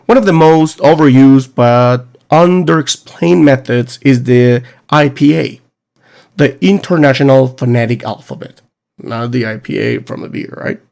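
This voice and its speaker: A man at a mid pitch hosts a solo teaching podcast. He talks emphatically and asks his listeners rhetorical questions, in the manner of a teacher making a case. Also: vocal fry, darkish tone. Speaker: podcast host. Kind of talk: solo educational podcast monologue.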